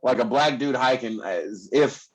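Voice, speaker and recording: A man's voice: medium pitch, unhurried, rough recording. A man performing a stand-up comedy set on a club stage, rambling with lots of fillers and laughing at his own jokes. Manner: rambling, filler-heavy delivery.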